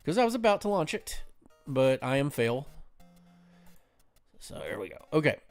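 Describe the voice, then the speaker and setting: A man with a Southern American accent, co-hosting a casual stream chat, rambling in a relaxed, self-deprecating way. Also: fairly high pitch, moderate pace, faint music behind. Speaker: co-host.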